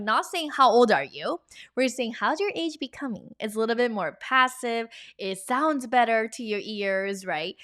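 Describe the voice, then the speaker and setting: A woman, giving an energetic, chatty video lesson and drilling phrases for the viewer to repeat. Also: fairly high pitch. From Korea. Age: 30s. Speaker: language teacher.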